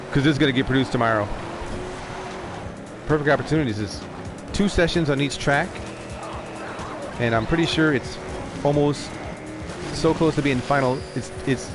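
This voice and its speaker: A man streaming live, rambling in casual chat, excitable and profane. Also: medium pitch, unhurried, pauses often. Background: music playing.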